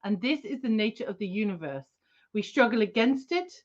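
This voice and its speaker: A woman's voice: medium pitch, expressive, a little fast, close to an everyday voice. Woman as a smug french-ish male info broker, lofty lecturing tone, lo-fi podcast sound.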